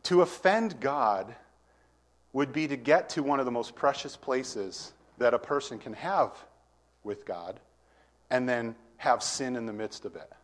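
Man, preacher, casual sermon, questions to the room, forceful scripture reading. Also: mid-range voice, expressive, unhurried. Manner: conversational, asks the congregation questions; reads scripture with rising emphasis. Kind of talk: verse-by-verse sermon.

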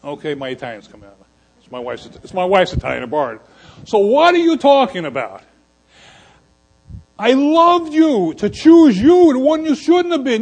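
Animated high-pitched male preacher. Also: rough recording. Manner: animated preaching with sudden drops to quiet asides. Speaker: pastor. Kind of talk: sermon. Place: church.

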